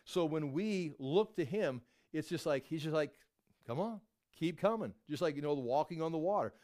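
A middle-aged man preaching a sermon, telling Bible stories with lively acted-out voices. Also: fairly high pitch, fairly quick. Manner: animated storytelling, acts out voices of biblical figures. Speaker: pastor.

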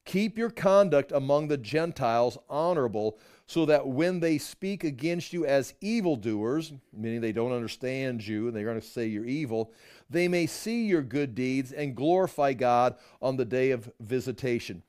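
A man's voice: medium pitch, lively intonation, moderate pace, a little mellow, smooth. A middle-aged man teaching a Bible study, reading verses aloud and explaining them line by line. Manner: explains verses, reads scripture aloud and comments.

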